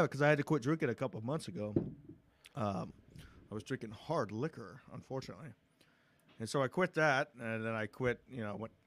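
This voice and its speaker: A man hosting a podcast, teasing his guest in casual, profane banter over a video call. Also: medium pitch. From Texas. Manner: teasing, swearing, laughs often. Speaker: podcast host.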